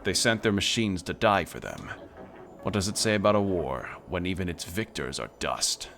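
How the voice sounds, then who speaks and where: A deep, ominous ancient voice rising from beneath the desert sands, as a man reads it aloud from a game. It speaks in slow, solemn warnings, its low tone sliding widely between phrases. Faint game music hums behind it. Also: sing-song, gravelly, a bit bright, exaggerated voice. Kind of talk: reading game dialogue aloud.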